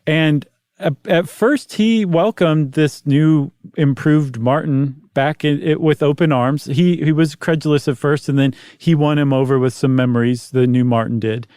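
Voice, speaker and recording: Slightly high-voiced male podcast co-host. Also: moderate pace, darkish tone, smooth, no room sound, studio quality. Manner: explanatory, recaps facts with asides. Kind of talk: casual storytelling chat.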